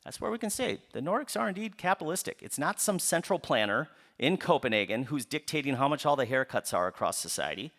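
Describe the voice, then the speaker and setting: Animated midwestern man giving a lecture. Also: medium pitch, fast talker, hardly any pauses. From Upper Midwest United States. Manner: animated, poses rhetorical questions and answers them; draws the audience in with playful asides. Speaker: author giving a book talk. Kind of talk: public lecture to a live audience.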